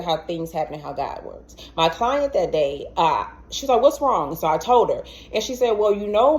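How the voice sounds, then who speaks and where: Woman, young adult, casual storytelling, lower pitch, animated, repeats words, acts out quotes. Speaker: vlogger telling a personal story.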